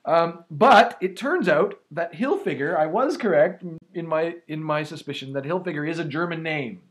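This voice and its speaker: A man's voice: a little high, expressive, moderate pace. A man co-hosting a comedy podcast, chatting casually and reading out follow-up news with frequent chuckles. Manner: rambling, chuckly, reads out news items. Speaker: podcast co-host.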